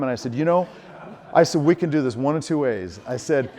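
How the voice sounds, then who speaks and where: A middle-aged man lecturing to an audience, his voice at an ordinary pitch. He tells stories with animated energy and acts out the voices of the people he quotes. He breaks off and restarts often as his thoughts run ahead. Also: fairly quick. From United States. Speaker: composer and lecturer.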